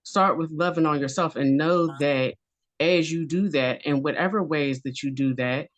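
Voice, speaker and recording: A woman on a conference panel speaking gently in rhythmic, repeated phrases of encouragement. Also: deep voice, moderate pace. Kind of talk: spiritual panel discussion.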